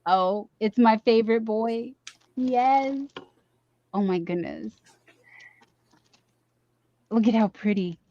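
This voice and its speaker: A woman on a casual livestream gasps and gushes with excitement while unboxing gifts, exclaiming often. Her voice is on the high side, and she talks slowly with long pauses. The webcam or desk mic audio is dull and dry, with no echo.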